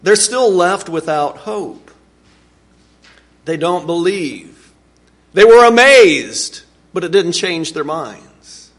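A man preaching a sermon, earnest and animated, with sudden swings in pitch and volume. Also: slow, long pauses. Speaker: pastor.

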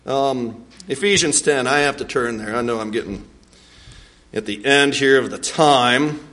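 A man teaching a Bible lesson in an animated way, acting out scripture and laughing often. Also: medium pitch, measured pace.

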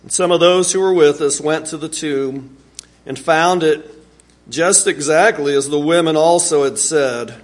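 A man preaching a sermon, earnest and animated, with sudden swings in pitch and volume. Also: a little slow. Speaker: pastor.

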